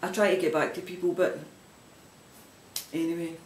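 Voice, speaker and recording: A man's voice: fairly high pitch, little pitch movement, moderate pace, a little hiss or hum. A man with a broad Glaswegian accent who hosts a knitting podcast, rambling chattily and restarting his sentences in a casual vlog. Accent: Glaswegian Scottish. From Scotland. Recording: roomy echo.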